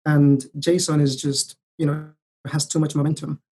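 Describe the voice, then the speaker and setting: A man's voice: a little high, level tone, darkish tone, breathy edge. A man who is a guest on a tech podcast, explaining thoughtfully and measuredly. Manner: thoughtful, measured, some hesitant restarts. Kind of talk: casual tech podcast chat.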